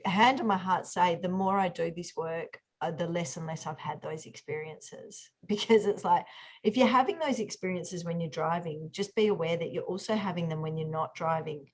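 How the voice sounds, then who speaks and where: A woman's voice: fairly low pitch, a little mellow. Woman, workshop host on a video call, chatty, lots of ums and restarts. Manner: chatty, many fillers and restarts. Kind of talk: online group workshop.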